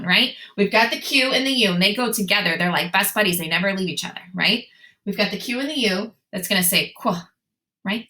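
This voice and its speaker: A woman's voice: mid-range voice, sharp tone. Encouraging woman teaching phonics to children. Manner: encouraging, sing-song, asks questions and answers them. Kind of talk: recorded phonics lesson for young children. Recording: echoey room.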